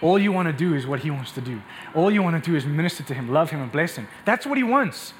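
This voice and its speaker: Male preacher, impassioned sermon, high voice, faint background hiss. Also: quick pace. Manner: impassioned, repeats words when excited.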